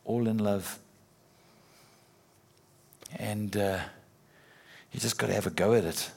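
A man's voice: fairly low pitch, slow, creaky, husky. A middle-aged man preaching a sermon in a conversational way, with repetitions and playful acted-out quotes.

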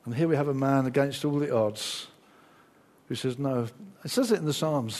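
A middle-aged man preaching a lively sermon, acting out the inner voices of his listeners. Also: mid-range voice, moderate pace.

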